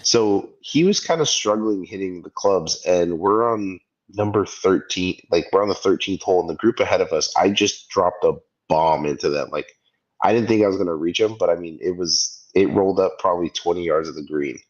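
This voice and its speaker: A low-voiced man in his thirties, co-hosting a podcast, recounts a story at a moderate pace in casual chat. He animatedly acts out the people in it, and the recording is muffled.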